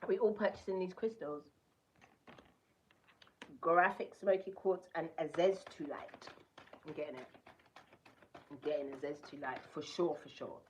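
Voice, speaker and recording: A woman's voice: low-pitched, normal speed, long pauses, slight background noise, poor audio. Chatty woman reading cards. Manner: chatty, reads card text aloud with asides. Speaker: tarot reader. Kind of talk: casual collective card reading.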